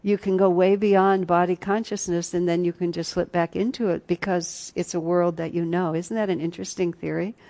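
A woman leads a spiritual retreat class, her voice low and mellow. She tells personal stories earnestly and reflectively, with soft asides to her listeners. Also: fairly even intonation, moderate pace, few pauses.

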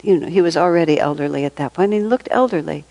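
A woman's voice: low voice, quick pace, creaky, dark tone, low-quality recording. An older woman giving an informal spiritual talk, telling stories in a conversational way and laughing often. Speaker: spiritual teacher.

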